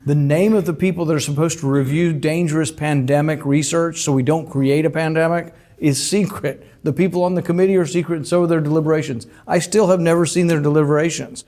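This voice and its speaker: A man who is an author, speaking about his book in a deliberate, emphatic way, with frequent "uh" fillers. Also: on the high side, darkish tone.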